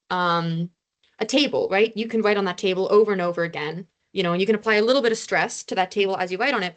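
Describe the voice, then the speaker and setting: Young woman student tutor, casual and chatty, laptop mic on a video call. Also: mid-range voice. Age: young adult. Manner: casual, self-deprecating, chatty. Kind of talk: online review lesson.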